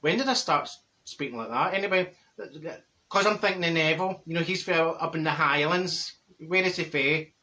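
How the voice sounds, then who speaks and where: In a comic monologue to camera, a man plays a brash, chatty, middle-aged Glaswegian woman with a Glaswegian Scottish accent, spilling gossip in an exaggerated way. His voice is on the high side and sharp, at a normal speed, broken by bursts of laughter and theatrical outbursts.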